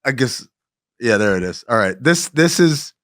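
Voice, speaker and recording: A man co-hosting a casual sports chat, animated and sarcastic, ranting as he goes. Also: medium pitch, moderate pace, no room sound, clean studio sound. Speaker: co-host.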